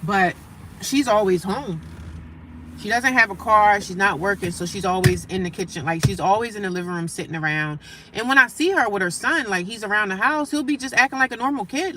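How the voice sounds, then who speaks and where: A woman livestreaming casual talk from her daily life, animated and emphatic, repeating her points and breaking off to greet passersby. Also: medium pitch. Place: homeless shelter area.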